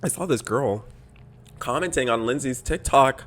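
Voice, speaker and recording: A man's voice: medium pitch, a little fast. A young man hosting a podcast, telling a story in a casual, exasperated rant. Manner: exasperated, animated storytelling with mocking quoted voices. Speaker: podcast host.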